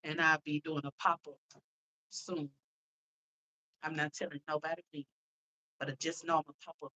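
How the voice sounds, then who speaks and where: Woman, low voice, young adult, casual live-stream chat, heartfelt, says y'all. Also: level tone, normal speed, pauses often, bright, forceful tone, rough recording. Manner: heartfelt, chatty, addresses viewers as y'all. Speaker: livestream host.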